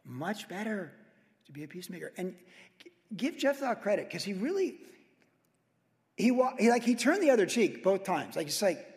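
A man teaches through scripture in a lively, conversational sermon and punches certain lines with sudden loud emphasis. His voice sits a little high. The sound rings with the long reverb of a church hall. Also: moderate pace, pauses often. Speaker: pastor. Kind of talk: verse-by-verse sermon.

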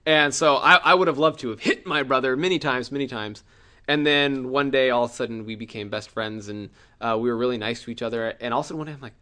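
A middle-aged man preaching a sermon, telling a personal story with acted-out cries and shouts. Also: medium pitch, quick pace.

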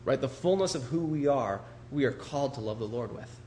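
A man's voice: medium pitch, animated, fairly quick, mellow, slight background noise. Man preaching in a chatty sermon. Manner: conversational, asks rhetorical questions. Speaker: pastor.

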